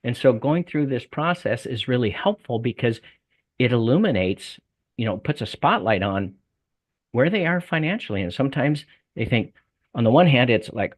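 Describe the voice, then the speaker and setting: A guest in a conversational interview, this older man sells debt coaching and speaks with a Southern US accent in a folksy style full of repeated words and restarts. His mid-range voice has lively intonation at a moderate pace.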